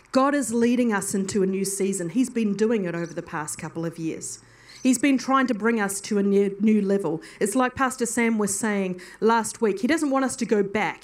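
A woman's voice: a little high, darkish tone. A woman preacher giving a sermon, telling a story in an earnest, heartfelt way.

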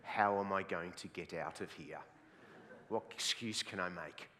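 A man's voice: low voice, unhurried, bright, forceful tone, pitched below the performer's own voice. A man putting on a nervous churchgoer who mutters to himself about wanting to leave, in a reverberant hall. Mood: anxious. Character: panicky reluctant male churchgoer muttering to himself.

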